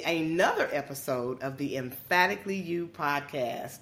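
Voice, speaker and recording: Georgia lady hosting her podcast, low voice, real slow, keeps saying y'all. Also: animated. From Georgia, USA. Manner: calls listeners "y'all", drawn-out emphatic delivery. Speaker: podcast host. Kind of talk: warm casual podcast hosting.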